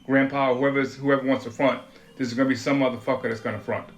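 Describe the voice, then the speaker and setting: Gravelly, profane man rambling candidly. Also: mid-range voice, slight background noise. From Rhode Island, USA. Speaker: vlogger. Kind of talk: casual confessional monologue.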